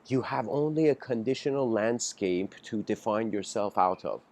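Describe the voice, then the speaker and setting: A man giving an improvised philosophical lecture, halting and musing with frequent restarts. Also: lowish voice, animated, a little mellow.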